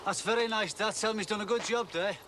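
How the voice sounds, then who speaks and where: A man's voice: high voice, quick pace, close to an everyday voice. Placating young man, played by a man, noisy outdoor soap scene. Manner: easygoing, placating. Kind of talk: TV soap acting.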